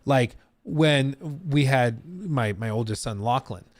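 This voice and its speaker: A man's voice: medium pitch, takes it slowly, no echo. An American man in his thirties hosting a livestream, chatting casually with a rambling, laughing manner. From United States. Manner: animated, rambling, laughs often. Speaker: streamer host.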